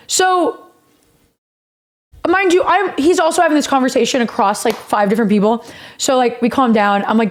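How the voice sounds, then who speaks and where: A woman's voice: a little high, normal speed, long pauses. A woman streamer telling a rambling story in a casual, profane way, often laughing.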